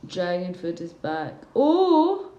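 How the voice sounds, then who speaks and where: A woman's voice: fairly low pitch, fairly even intonation, normal speed, roomy sound, dull audio. Rambling Glaswegian woman on a livestream. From Scotland. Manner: rambling, chatty, answers viewer comments. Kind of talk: casual livestream chat.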